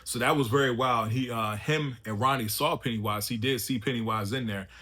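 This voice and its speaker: A man's voice: medium pitch, fairly quick, pushed and bright, slightly rough. A man giving a loose, chatty spoken recap of a TV episode, full of slang and fillers. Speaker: TV show reviewer.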